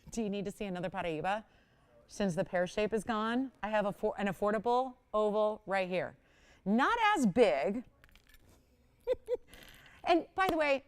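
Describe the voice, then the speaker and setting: In a TV shopping studio, a middle-aged woman hosts a live jewelry show, chatting away and poking fun at herself. Her clean-toned, mid-range voice breaks into frequent laughter as she talks up each piece.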